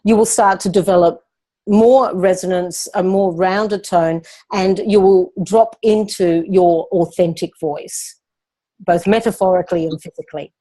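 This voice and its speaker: This speaking coach, a woman, teaches patiently in a Q&A format, explaining concepts in an even, unhurried way. She has a resonant voice pitched a little low and rounded in tone.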